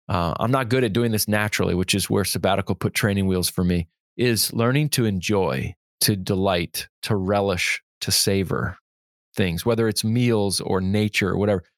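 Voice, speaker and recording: A man, a pastor hosting a podcast, talking in a casual, animated way and reading quotes aloud. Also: fairly low pitch, no room sound, studio quality. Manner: animated storytelling, laughs easily, reads quotes aloud.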